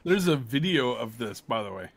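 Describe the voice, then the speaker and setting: A man co-hosting a podcast in casual chat, dry and teasing with deadpan replies. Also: mid-range voice, normal speed, creaky. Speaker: podcast co-host.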